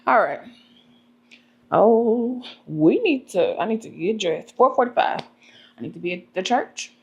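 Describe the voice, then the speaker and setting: A young woman telling stories to camera in a vlog, animated and laughing often. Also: on the high side, lo-fi sound. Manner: animated, laughs often, talks fast when excited. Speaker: vlogger. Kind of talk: casual storytelling to camera.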